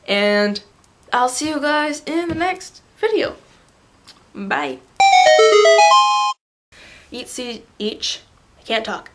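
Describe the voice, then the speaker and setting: A young adult woman vlogging to a camera on a tripod, rambling excitedly in a casual fan rant. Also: sits high, slow, pauses often, music in the background.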